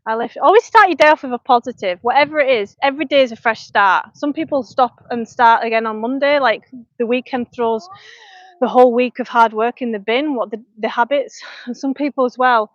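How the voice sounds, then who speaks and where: A woman with a Lancashire accent talks to her viewers while she trains at home, in a slightly high, frank and chatty voice with frequent laughs. The sound is dry and close on a small clip-on mic, with a dull, lo-fi live-stream quality. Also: brisk, no room sound. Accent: Lancashire English. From North West England. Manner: chatty and frank, laughing often, talking between reps. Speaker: fitness coach and personal trainer. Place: home, indoors.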